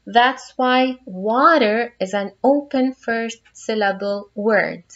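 Slow, patient woman phonics teacher. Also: on the high side, highs cut off. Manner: slow, patient, spells out each word step by step. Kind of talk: phonics lesson for young children.

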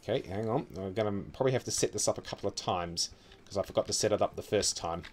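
A man's voice: lowish voice, quick pace, darkish tone, soft background music. A man with a New Zealand accent giving casual, offhand commentary as he builds a city in a game, muttering wryly to himself.

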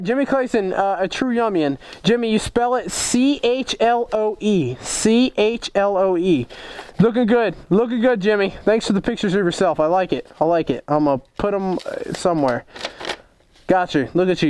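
A young man chatting casually on a vlog as he opens fan mail, excitable, joking and swearing a lot. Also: high-pitched, normal speed, dry recording. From United States. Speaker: motorcycle vlogger opening fan mail.

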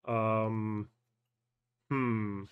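A man hosting a personal finance channel, thinking aloud through a casual live screen-share walkthrough, halting with fillers and self-corrections. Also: fairly low pitch, level tone, clean tone, narrow, tinny audio. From Canada.

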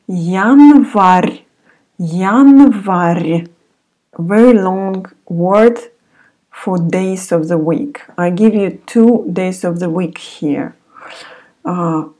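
Woman teacher, Russian accent, very slow deliberate speech, repeats each word. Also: fairly low pitch, warm tone. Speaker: language teacher. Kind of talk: slow language lesson.

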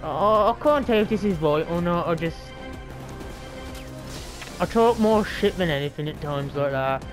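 A woman's voice: lowish voice, animated, a little slow, faint music behind. A woman with an Australian accent giving casual, profane, rambling commentary while streaming a game. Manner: profane, rambling, slangy banter.

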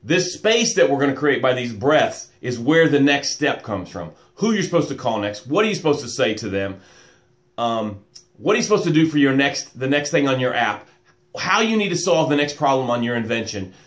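A man hosting a live motivational stream, welcoming viewers by name and guiding slow breaths. He calls himself loud and boisterous. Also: medium pitch, sing-song. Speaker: motivational coach and show host. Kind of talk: live-stream pep talk with guided breathing.

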